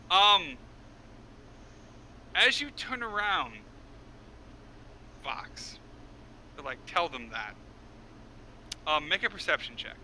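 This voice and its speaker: Guy gm'ing a tabletop game, slow talker, stumbles and fixes himself a lot. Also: high voice, bright, forceful tone, slight background noise. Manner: laughs easily, stumbles and corrects himself. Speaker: game master. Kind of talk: running a tabletop game online.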